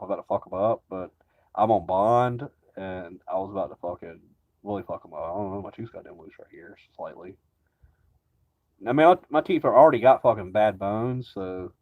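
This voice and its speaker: A man ranting casually to camera, rambling and agitated, swearing constantly. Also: mid-range voice. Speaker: vlogger. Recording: dull lo-fi recording.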